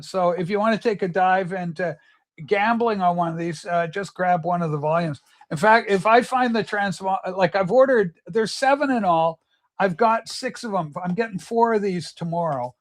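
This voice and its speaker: A man's voice: high voice, normal speed. A man hosting a casual livestream chat, telling stories with eager enthusiasm. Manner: chatty, enthusiastic storyteller. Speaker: livestream host.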